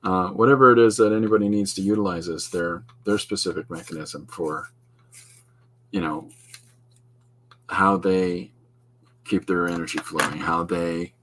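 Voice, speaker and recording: A man's voice: deep voice, fairly even intonation, moderate pace, long pauses, a bit bright. A middle-aged man from Canada, hosting a podcast and rambling casually while he draws, wandering and restarting his thoughts. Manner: meandering, digressive, with many restarts. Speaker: podcast host and artist.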